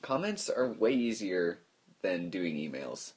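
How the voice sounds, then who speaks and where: A man's voice: low-pitched, big pitch swings, slow pace, darkish tone. A young man co-hosting a podcast, chatting casually and teasing his friend in a laid-back way, recorded on a phone lying on a table. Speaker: podcast co-host. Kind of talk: casual chat.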